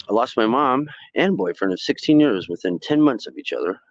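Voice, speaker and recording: Rambling, animated man telling rough stories. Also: brisk, hardly any pauses, dry recording, dull audio. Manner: rambling, animated, acts out quoted people in high voices; salty, swears freely. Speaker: fishing livestream host. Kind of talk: casual storytelling on a livestream.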